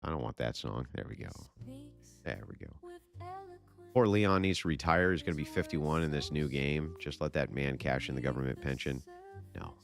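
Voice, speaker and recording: A man's voice: extremely low pitch, normal speed, creaky, faint music behind. A man hosting a livestream and reading super chats in a blunt, profane, sarcastic way. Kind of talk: casual livestream chat.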